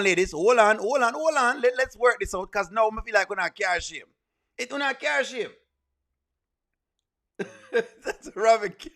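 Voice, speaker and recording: A man's voice: high voice, sharp tone. A man with a Jamaican accent hosting a live reaction stream, playfully pleading with his viewers and laughing often. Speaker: streamer and show host.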